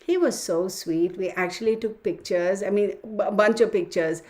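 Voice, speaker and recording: A woman's voice: mid-range voice, moderate pace. Chatty middle-aged woman livestream host. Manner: chatty, excitable storytelling. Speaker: tarot reader hosting a livestream. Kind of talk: casual livestream chat with viewers.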